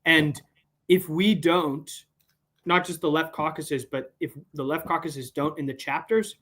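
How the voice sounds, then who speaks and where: Halting, earnest young guest from Boston. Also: male voice, fairly high pitch, fairly even intonation, a bit bright. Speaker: podcast guest. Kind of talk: casual podcast chat.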